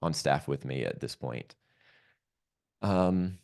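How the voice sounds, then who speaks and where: A man with an extremely low voice and a gravelly, fry-laden texture tells a personal story as a podcast guest. He talks in an earnest, reflective way, often pausing on ums and likes as he recounts what happened. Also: expressive, a little mellow.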